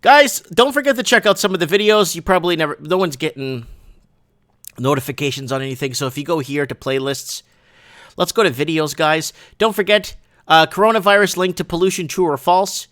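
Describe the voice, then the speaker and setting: A man hosting a casual livestream from his shop, rambling and excitable, often restarting and asking "right?". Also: a little high, brisk. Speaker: livestream show host.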